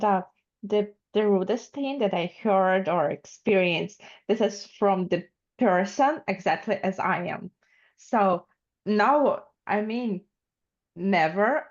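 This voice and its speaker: A woman with a Ukrainian accent, a non-native English speaker, talking earnestly as a student in a class discussion and searching for words as she goes. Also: mid-range voice. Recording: dull lo-fi recording.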